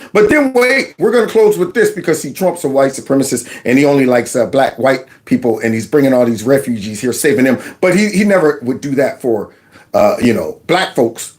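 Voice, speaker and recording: Commentary host, man with a slightly high voice, sarcastic and mocking. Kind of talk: casual political commentary.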